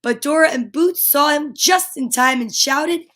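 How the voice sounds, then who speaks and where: Slow, high-voiced woman reading a storybook. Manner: animated, adds asides to the listener. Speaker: storyteller reading a children's book aloud.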